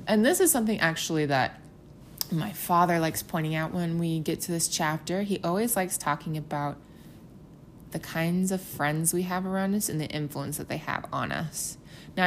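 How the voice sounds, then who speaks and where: A woman's voice: sits low, a little hiss or hum. A young woman talking casually and animatedly about scripture, acting out quotes in little whispers. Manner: chatty, animated, acts out quotes with gasps and whispers.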